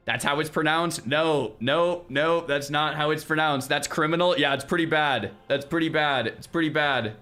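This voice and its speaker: A young man streaming, chatting casually with his viewers in an animated way, with lots of restarts and loud exclamations. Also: mid-range voice. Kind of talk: casual livestream chat with viewers.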